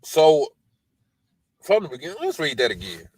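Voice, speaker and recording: A man's voice: on the high side, huge pitch swings, moderate pace, pauses often, breathy edge, no room sound, rough recording. A man hosting a podcast, reading scripture aloud and breaking off into loose, colloquial commentary, often adding "man" and "you know" as he talks. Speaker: podcast host.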